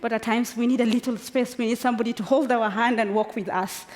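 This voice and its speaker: Woman in her forties from Kenya, higher voice, passionate and emotional, long reverb of a large hall. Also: fairly even intonation, fast, a little mellow. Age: 40s. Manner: passionate, emphatic, laughs between phrases. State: emotional, near tears. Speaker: speaker. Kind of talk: unscripted personal speech.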